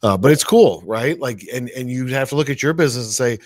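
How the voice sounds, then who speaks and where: A man's voice: mid-range voice, animated, fairly quick, darkish tone, dry recording, studio quality. A man co-hosting a casual tech discussion, thinking aloud and often tagging his points with "right?". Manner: chatty, thinks aloud, asks rhetorical "right?". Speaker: co-host.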